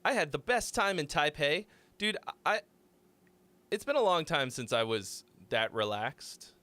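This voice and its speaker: Brief: young male streamer, unhurried, bouncy intonation, casual and profane. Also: fairly high pitch, animated, sharp tone, dry recording. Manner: loose, rambling, swears freely. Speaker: streamer hosting song critiques. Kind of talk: casual live-stream chat.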